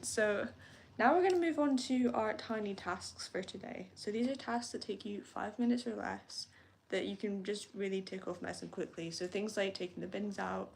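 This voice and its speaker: A woman's voice: medium pitch, moderate pace, creaky. A young woman hosting a morning journaling live stream, chatty and upbeat, rambling a little with frequent laughs. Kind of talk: casual live-stream chat.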